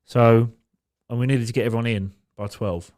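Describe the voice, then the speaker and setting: A man's voice: medium pitch, fairly even intonation, normal speed, a little mellow. A man co-hosting a podcast, telling a story in casual chat and swearing freely. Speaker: podcast co-host.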